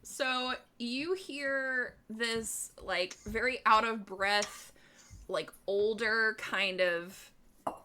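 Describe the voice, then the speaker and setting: A woman's voice: fairly high pitch, extremely slow, bright, forceful tone, slight background noise. A woman running a tabletop game as game master, narrating in a playful, giggly manner.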